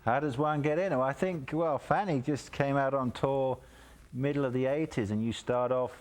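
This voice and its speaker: A man appearing as a guest on a call-in golf show, chatting casually and telling lively anecdotes. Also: medium pitch, moderate pace. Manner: animated storyteller, chuckles through anecdotes. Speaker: guest golfer. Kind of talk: casual chat.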